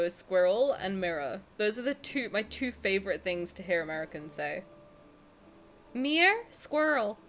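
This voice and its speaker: A woman's voice: mid-range voice, a bit bright. A young Southern English woman streaming a game, chatting casually in a bubbly, giggly, self-mocking way. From South of England.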